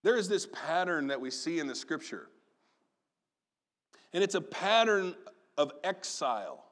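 A man preaching a sermon, telling a personal story with animated storytelling and acting out family members' voices. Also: fairly high pitch, unhurried. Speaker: pastor.

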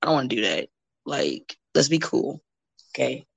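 A woman in her thirties, a wrestler guesting on a podcast, chatting bluntly and profanely with animated storytelling. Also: extremely low pitch, normal speed, creaky, slightly rough. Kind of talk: casual chat.

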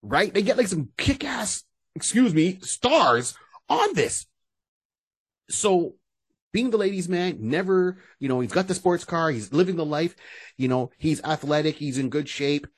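A man co-hosting a casual podcast, animated and breaking into quoted voices as he talks. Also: on the high side, measured pace, breathy edge, no room sound. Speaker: podcast co-host. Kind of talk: casual chat.

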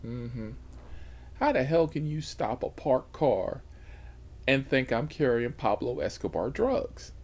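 Man, rideshare driver, vlog host, slow-talking, lively pitch swings, profane, whispered asides. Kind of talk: casual storytelling to camera.

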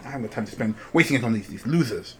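A man's voice: medium pitch, expressive, fairly bright tone, natural voice. A man playing a sneering panther-woman rival. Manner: sneering, condescending, drawn-out. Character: haughty tall female panther-like cat woman rival.

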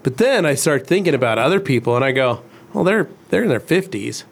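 A man's voice: mid-range voice, very animated, fairly quick, gravelly. A man in his forties, co-hosting a casual livestream chat and telling rambling stories. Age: 40s. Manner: storytelling, rambling. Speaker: co-host.

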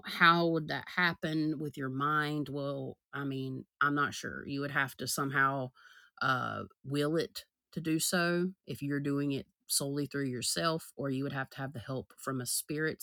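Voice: medium pitch, sharp tone, no room sound, clean studio sound. A podcast co-host talking casually, rambling with many fillers and asides to the listeners. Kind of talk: casual chat.

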